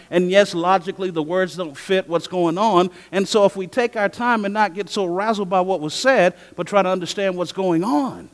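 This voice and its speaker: Animated preaching man in a reverberant hall. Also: high-pitched. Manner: animated preaching, acting out both sides of conversations. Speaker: pastor. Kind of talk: sermon. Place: church hall.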